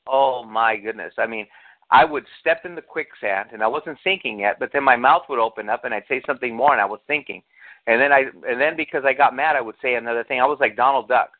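A male pastor preaches in a conversational, storytelling way. He acts out the people in his stories and puts questions to his listeners. The sound is thin and tinny, like a phone line. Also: medium pitch. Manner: storytelling, acts out quotes, asks the congregation questions. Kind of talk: sermon.

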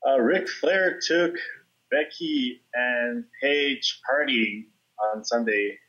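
A man co-hosting a casual podcast, joking quickly and laughing. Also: mid-range voice, lively intonation, a bit bright. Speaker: podcast co-host. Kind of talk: casual chat. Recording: dull lo-fi sound.

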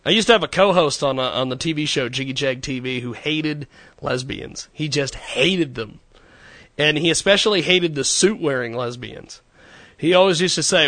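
A man's voice: fairly high pitch, moderate pace, sharp tone, dry recording. A man hosting a casual studio talk show, rambling with stammered repeats and frequent laughter. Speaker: radio show host.

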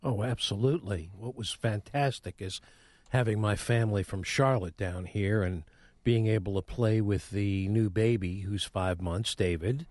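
A man's voice: fairly low pitch, normal speed, no echo. Chatty male radio co-host, dry mic. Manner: chatty, giving shout-outs. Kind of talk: radio talk show banter. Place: radio studio. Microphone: studio mic.

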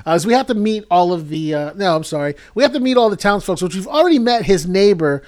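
High pitched guy on a comedy podcast, rambly movie recap, keeps laughing at his own story. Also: animated, fast talker, a little mellow. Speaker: podcast co-host.

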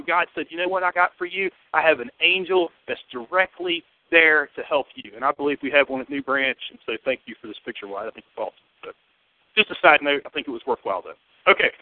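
A man with a Southern US accent preaching a sermon to his church, lively and joking in a conversational way. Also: on the high side, no echo. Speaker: pastor. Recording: tinny, phone-like and dry.

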